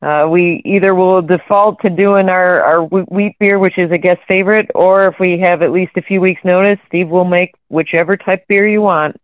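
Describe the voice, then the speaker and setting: A woman's voice: on the low side, fairly even intonation, normal speed, hardly any pauses, dry recording, lo-fi sound. A woman who runs a bed and breakfast, chatting in a friendly, matter-of-fact way. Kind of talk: casual chat.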